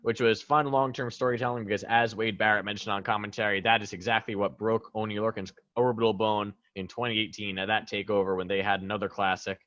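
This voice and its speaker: A man's voice: on the low side, level tone, fast talker, few pauses, fairly bright tone, no room sound. Chatty man, dry dull mic. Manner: chatty, laughs at botches. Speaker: podcast co-host. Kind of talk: casual wrestling recap.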